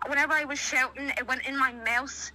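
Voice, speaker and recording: Dublin woman caller, agitated and rambling, high sharp voice. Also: steady tone, brisk, rough recording. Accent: Irish (Dublin). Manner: rambling, restarts, retells quoted dialogue. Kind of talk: agitated phone account. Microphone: phone on speaker.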